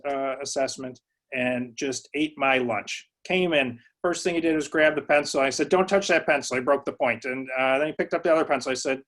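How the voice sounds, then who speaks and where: A man's voice: mid-range voice, fairly bright tone. A psychology professor giving a webinar lecture to educators, speaking conversationally with lots of uh and um fillers and telling stories from his own early work.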